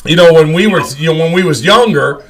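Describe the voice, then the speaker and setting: Gravelly, profane storytelling man. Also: on the high side, brisk. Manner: profane, rambling, animated. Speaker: storyteller on a live stream. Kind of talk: casual storytelling among friends.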